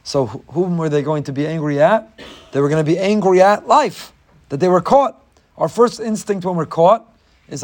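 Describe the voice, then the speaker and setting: A man's voice: a little high, normal speed, darkish tone. A man giving a Torah lecture, reading Hebrew texts and explaining them in English, his voice rising sharply on rhetorical questions. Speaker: rabbi giving a Torah class.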